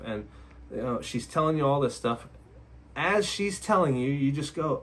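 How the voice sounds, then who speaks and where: Blunt male host, casual straight-to-camera rant, slightly higher voice, keeps circling back with rhetorical questions. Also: lively intonation, moderate pace, a bit bright. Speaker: relationship advice video host.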